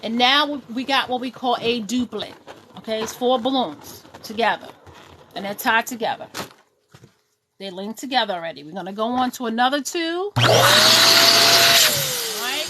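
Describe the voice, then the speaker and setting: A middle-aged woman with a New York accent hosts a live tutorial in a chatty, sassy way, greeting viewers by name as she works. Her voice sits high. A faint hiss runs underneath. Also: expressive, moderate pace, pauses often. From Brooklyn, New York. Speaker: balloon decor tutorial host. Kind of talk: casual live-stream tutorial.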